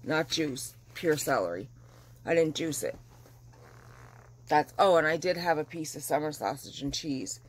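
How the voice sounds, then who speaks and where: A middle-aged woman vlogging at home in a casual chat, chatty and animated, getting over the flu. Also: sits low, a little slow, long pauses, husky. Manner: chatty and animated, dramatic retelling. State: recovering from flu. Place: at home, windows open.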